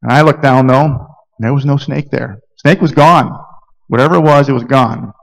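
A pastor from Georgia preaching a sermon, telling stories earnestly with frequent fillers and restarts. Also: male voice, mid-range voice, moderate pace, vocal fry, poor audio.

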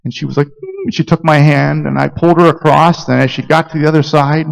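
A man from Georgia delivers a sermon with a gravelly, rough-edged voice. He tells personal stories earnestly, restarting sentences and filling pauses as he goes. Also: fairly high pitch, level tone, low-quality recording. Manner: earnest storytelling with frequent fillers and restarts. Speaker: pastor.

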